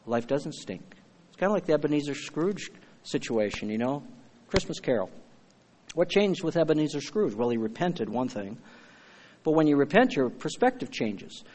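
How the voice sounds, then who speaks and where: Preacher guy, fired up and emphatic, kinda high voice, big echoey church sound. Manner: fervent and emphatic, calls out to the congregation. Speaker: pastor. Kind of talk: sermon.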